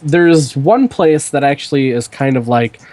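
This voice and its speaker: A man's voice: mid-range voice, measured pace, a little mellow, dry recording. A young man hosting a podcast, telling a rambling story in casual chat with lots of fillers. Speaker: podcast host.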